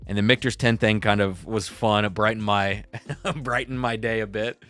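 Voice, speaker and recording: A young man hosts a casual livestream, chatting and reading viewer comments aloud over soft background music. His voice is fairly low and fairly bright, with fairly even intonation and a moderate pace.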